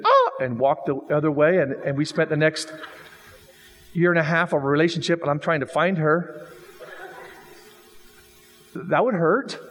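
A man's voice: on the high side, breathy edge. Man preaching in an echoing hall. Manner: animated, jokey storytelling with acted-out quotes. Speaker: pastor. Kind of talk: sermon. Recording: long reverb of a hall.

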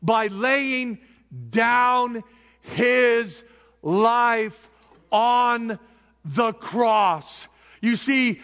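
A man preaching a sermon with passion, building up to shouted peaks. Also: sits high, extremely slow, long reverb tail.

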